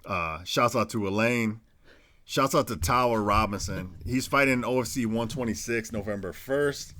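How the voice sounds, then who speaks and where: A man co-hosting a casual podcast, rambling through shout-outs in a laid-back, profane way. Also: fairly low pitch, normal speed. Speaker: podcast co-host. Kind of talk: casual chat.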